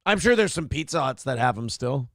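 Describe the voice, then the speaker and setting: A man's voice: mid-range voice, big pitch swings, fairly quick, a bit bright, no room sound, studio quality. A man hosting a morning talk show, reading viewer comments aloud and joking with plenty of swearing. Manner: profane, wisecracking, reads viewer comments aloud. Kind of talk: casual morning show banter.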